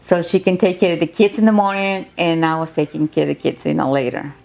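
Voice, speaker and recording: A woman's voice: on the low side, fairly even intonation, fast, creaky, a little mellow. An older woman in a documentary interview, retelling family events with emotion and quoted dialogue. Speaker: interviewee, grandmother.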